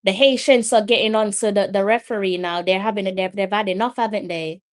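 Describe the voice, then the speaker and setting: Excitable woman commentating a live match. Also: medium pitch, brisk. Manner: chatty, breaks into loud exclamations at the play. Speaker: watch-along match commentator.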